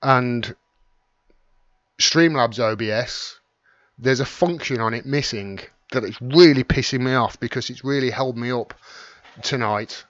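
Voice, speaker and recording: Unhurried and a bit bright, a medium-pitched middle-aged man hosts a casual YouTube live stream in a Wolverhampton (Black Country) accent of England's West Midlands. He rambles chattily, naming and thanking commenters as he reads them out. There is no room sound, and the audio is dull.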